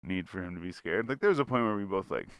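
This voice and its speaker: A man telling a rambling story in casual podcast chat, swearing freely and jumping up in pitch whenever he quotes someone. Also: fast, clean tone, dry recording, clean studio sound. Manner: animated, jumps in pitch when quoting people.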